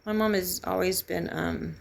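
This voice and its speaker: A middle-aged woman telling a painful personal story in halting, grieving, raw speech. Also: on the low side, steady tone, gravelly. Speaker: vlogger sharing a personal story. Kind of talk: candid personal testimony.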